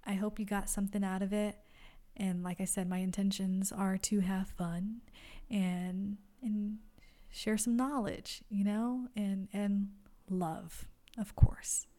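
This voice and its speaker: A woman hosting her own podcast, talking softly and from the heart about her own life, often stopping to restart a phrase. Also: mid-range voice, steady tone. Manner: soft-spoken, heartfelt, halting with repeats. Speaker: podcast host. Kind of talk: personal reflective monologue.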